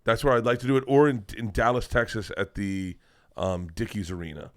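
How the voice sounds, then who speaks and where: A man's voice: lowish voice, brisk. A man, a guest comedian, chatting casually on a podcast, rambling and swearing as he lays out plans. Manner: loose, profane, rambling storytelling.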